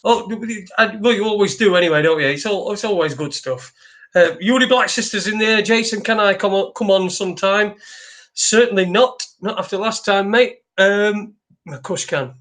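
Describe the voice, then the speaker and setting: A man hosting a solo livestream, talking in a rambling, halting way with lots of restarts and swearing. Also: high-pitched, a bit bright. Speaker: livestream host. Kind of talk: casual solo livestream chat.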